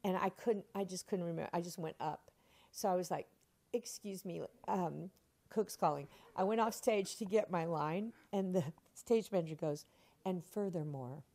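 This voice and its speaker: Older actress telling lively stories. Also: female voice, on the low side, fairly quick. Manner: expressive, laughing often, acts out quotes. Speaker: interview guest, stage actress. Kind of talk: animated anecdotal storytelling.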